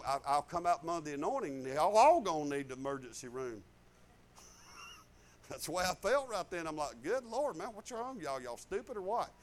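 A man, a pastor telling a testimony in a conversation, folksy and animated, chuckling as he goes. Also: fairly high pitch.

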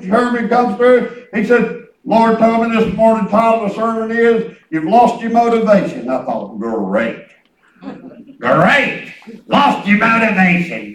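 A man preaching a sermon, telling folksy stories and calling on the congregation to respond. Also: sits high. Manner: folksy storytelling with call and response. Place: church hall. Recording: echoey room, distant mic.

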